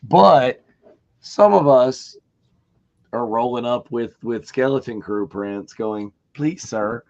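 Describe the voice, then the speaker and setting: A man co-hosting a casual fan chat, telling convention stories with animated acted-out quotes and laughs. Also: medium pitch, slow, highs cut off. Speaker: co-host of a fan watch-along show.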